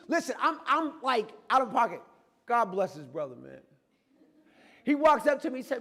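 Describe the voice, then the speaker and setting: A man giving a lively, conversational motivational talk about his own life, acting out bits of dialogue as he goes. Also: extremely high pitch, moderate pace, gravelly, pauses often, long reverb tail. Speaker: guest speaker. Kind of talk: motivational personal storytelling talk. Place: campus event hall.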